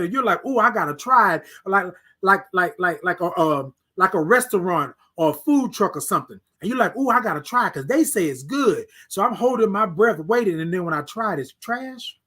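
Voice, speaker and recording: Casting note: male host with a high voice, motivational morning livestream, repetitive and preachy. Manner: reads out viewer comments, preachy and repetitive; swings between soft hushed words and loud emphatic bursts.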